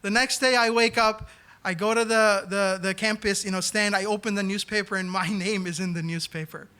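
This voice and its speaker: A man from New York City tells a comic personal story on a small theater stage. His voice sits high and sounds bright and forward. He is animated and acts out the people he quotes. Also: brisk, clean tone. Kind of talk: live comedic storytelling.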